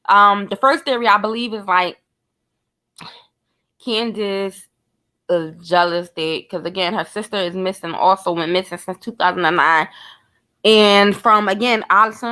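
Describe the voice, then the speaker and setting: A woman's voice: mid-range voice, pushed and bright. A woman giving blunt, profane commentary, speculating and talking straight to her viewers in a casual vlog. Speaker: true crime commentator.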